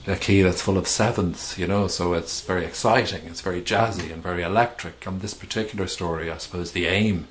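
Very deep-voiced man musing on his craft. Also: steady tone, a little fast, hardly any pauses. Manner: thoughtful, hesitant, many restarts and fillers. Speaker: author being interviewed. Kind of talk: reflective conversational interview.

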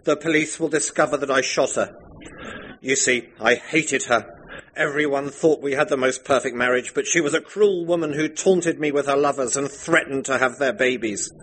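A man's voice: mid-range voice, normal speed, fairly bright tone, breathy edge, pitched above the performer's own voice, rough recording. A man voicing a brooding aristocratic husband who speaks in clipped, melodramatic lines. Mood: confessing.

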